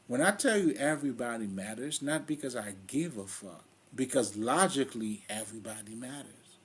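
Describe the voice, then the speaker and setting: In his laid-back spiritual monologue, this Haitian-accented host is emphatic, streetwise and blunt, with plenty of profanity. He talks at a moderate pace in a medium-pitched voice that's lively in intonation, a bit bright, and slightly rough.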